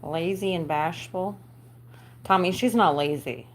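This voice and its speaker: A woman's voice: lowish voice, a little slow. A woman host chatting casually on a livestream while she plays with her dog, laughing and cooing baby talk into a phone on a stand.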